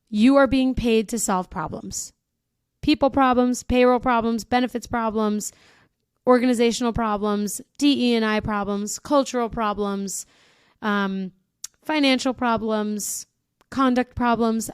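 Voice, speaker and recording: A woman's voice: a little high, smooth, dry recording, clean studio sound. Frank, sarcastic woman podcast host. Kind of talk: casual podcast monologue.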